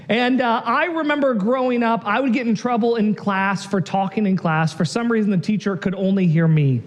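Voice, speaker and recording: A man in his thirties preaching a sermon in an animated, jokey way, often rising to a shout. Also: very high voice. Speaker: pastor.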